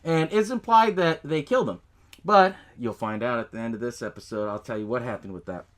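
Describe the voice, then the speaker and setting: A man's voice: medium pitch, a little fast, fairly bright tone. A man hosting a podcast, casually retelling a film's plot, swearing often and laughing along. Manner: laid-back, swears a lot, laughs often, acts out movie lines. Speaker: podcast host. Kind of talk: casual movie recap.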